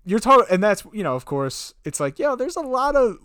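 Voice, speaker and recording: A man co-hosting a podcast, chatting casually in a relaxed, rambling way, leaning on "like" a lot. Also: high-pitched, fairly quick, clear, resonant tone, no room sound, clean studio sound. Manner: relaxed, rambling, heavy use of "like". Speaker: podcast co-host. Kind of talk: casual chat.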